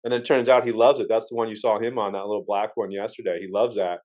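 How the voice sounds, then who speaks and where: A man's voice: on the low side, fairly even intonation, quick pace, a little mellow, dull audio. A man hosting a podcast, telling stories in a rambling, casual way with frequent restarts and the odd curse word. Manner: rambling storyteller with many restarts and swearing. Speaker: podcast host. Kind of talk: casual chat.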